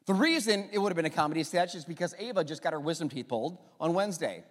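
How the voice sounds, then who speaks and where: A man preaching a sermon as a pastor, telling stories in a lively way and having the congregation repeat phrases after him. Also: a little high, fast talker. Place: church sanctuary. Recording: long reverb of a church hall.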